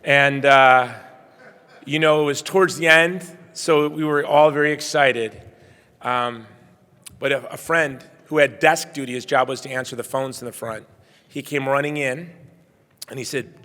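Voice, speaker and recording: A middle-aged man delivers a heartfelt keynote speech, telling his own story in an earnest, personal way. His voice sits at an ordinary pitch and swings between hushed passages and loud bursts. A long reverb from the large banquet hall trails every phrase. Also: fairly even intonation, unhurried. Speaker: keynote speaker.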